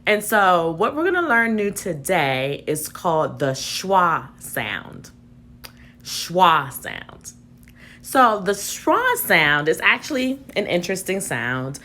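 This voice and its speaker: A woman's voice: lowish voice, very animated, takes it slowly, pushed and bright. A woman teacher giving a recorded reading lesson for children at home, patiently sounding out words aloud.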